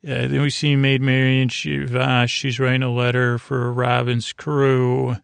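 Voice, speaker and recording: A man hosting a bedtime podcast, recapping an episode in a halting, rambling way full of filler words. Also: medium pitch, little pitch movement, gravelly, clear, resonant tone, no echo. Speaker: podcast host.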